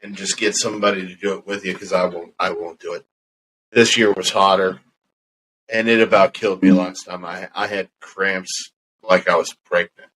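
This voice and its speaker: A man's voice: deep voice, little pitch movement, normal speed, a bit bright, a little hiss or hum, low-quality recording. A man, co-hosting a podcast in casual, rambling chat. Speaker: podcast co-host.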